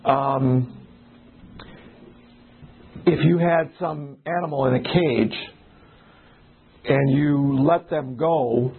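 Extremely slow and pausing often, a pastor with a medium-pitched voice leads an informal Bible study. He speaks conversationally, restarts frequently and acts out small exchanges. The audio is narrow and tinny.

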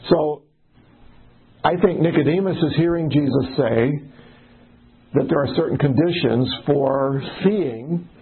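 A man's voice: a little high, slow, pauses often, breathy edge. A man leading a casual Bible study, talking in a conversational way and putting questions to the group. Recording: tinny phone-like recording.

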